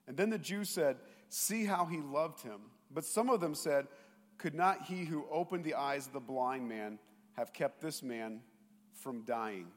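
Animated pastor preaching in a reverberant hall. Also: male voice, on the high side. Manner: animated storytelling, mocking voices of doubters, sometimes shouting. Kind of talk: sermon. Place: church sanctuary.

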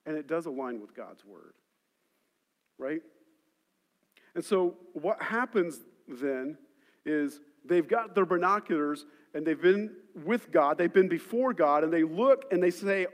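A man preaching from the pulpit, his fairly high voice ringing out in a church hall with a long, trailing reverb. He tells stories from his own ministry, pushing hard on key points and then dropping into quiet, confiding asides. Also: animated, normal speed. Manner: storytelling, swings between loud emphasis and quiet asides. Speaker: pastor. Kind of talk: sermon.

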